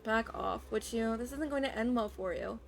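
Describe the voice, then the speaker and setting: Woman doing a loud male squad leader, barking orders, gravelly edge, fairly high. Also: moderate pace, a little hiss or hum. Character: shaky, swaggering male squad leader hunting vampires.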